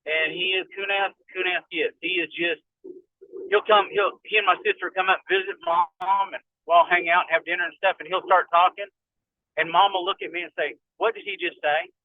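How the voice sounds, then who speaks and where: A man with a Kentucky accent chatting folksily as a guest while driving on a rough road. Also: sits high, little pitch movement, fairly quick, no echo. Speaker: guest, fire department instructor. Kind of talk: casual chat. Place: inside a car on a rough road. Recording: tinny phone-like line from a moving car.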